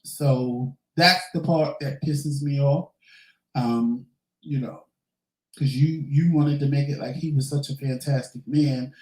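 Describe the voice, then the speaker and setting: A man's voice: medium pitch, fairly even intonation, slow, roomy sound, low-quality recording. A man hosting a casual question-and-answer vlog, talking candidly and swearing now and then. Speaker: vlogger host. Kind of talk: casual Q&A chat.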